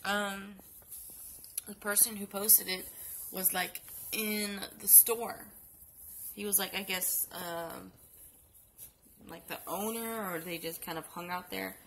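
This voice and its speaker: Young woman vlogger, just woke up and sick, sleepy rambling story time, bright voice, faint room hiss. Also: medium pitch, low-quality recording. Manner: rambling with many fillers and restarts. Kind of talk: casual story time vlog.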